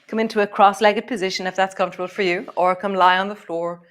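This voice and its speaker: A woman guiding a live yoga class, chatty and relaxed, laughing at herself. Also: medium pitch, quick pace. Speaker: yoga teacher.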